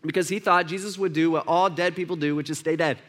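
This pastor's voice sits on the high side and is a bit bright, and he talks fast with fairly even intonation. Preaching to his church, he converses with the room, poses questions, and performs the lines of the people he describes.

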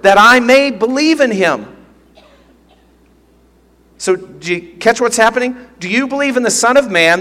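Male pastor, sermon, high voice, emphatic and earnest, long hall reverb. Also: bright, forceful tone. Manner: earnest, emphatic teaching with repeated phrases.

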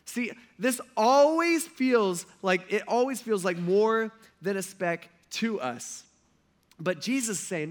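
High-pitched guy preaching, chatty and animated, acts out what people say. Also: slow. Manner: conversational and animated, acts out quotes. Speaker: pastor. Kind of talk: sermon.

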